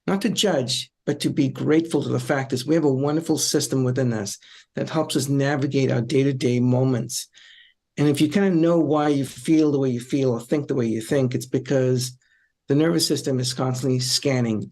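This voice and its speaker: A man's voice: medium pitch, darkish tone. A middle-aged man, a psychologist on a discussion panel, explaining in a reflective, conversational way with frequent ums and repeated phrases.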